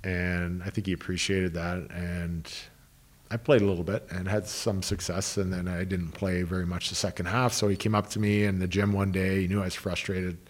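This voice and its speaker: A man's voice: sits low, little pitch movement, moderate pace. A man, a hockey coach, telling long anecdotes in an interview, restarting sentences and quoting people he worked with. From Canada. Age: 30s. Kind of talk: interview storytelling.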